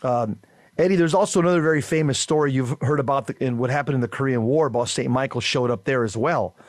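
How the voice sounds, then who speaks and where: A man's voice: medium pitch, dry recording. Guy on catholic radio telling a story, lots of uh's and restarts, dry studio sound. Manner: halting storyteller with many fillers and restarts. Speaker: radio show co-host.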